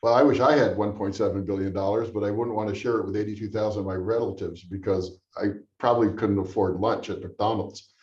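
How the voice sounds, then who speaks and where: A man's voice: on the low side, steady tone, a little fast, hardly any pauses, darkish tone. A man answering questions at a town hall in a blunt, sarcastic manner. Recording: roomy, distant, dull sound.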